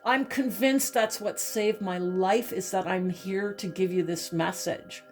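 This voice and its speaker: A woman's voice: medium pitch, measured pace, faint music behind. A woman doing a spiritual tarot reading, emotional and repeating herself, often saying "okay". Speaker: tarot reader.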